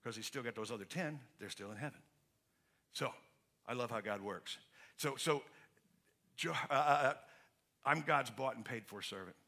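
A man's voice: medium pitch, moderate pace, gravelly, long pauses, bright, forceful tone. A man pastor preaching a sermon in an emphatic, conversational way, asking the congregation to finish his questions. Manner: emphatic and conversational, with frequent restarts.

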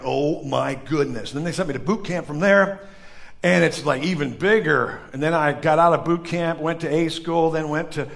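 A man from northern Illinois farm country with a Midwestern accent, preaching a conversational sermon and joking with the congregation. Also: on the high side. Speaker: pastor. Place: church.

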